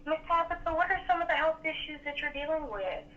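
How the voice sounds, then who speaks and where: A woman working as a phone sales agent, giving an effusive, flattering sales pitch. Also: quick pace, distant mic. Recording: tinny phone line with faint noise.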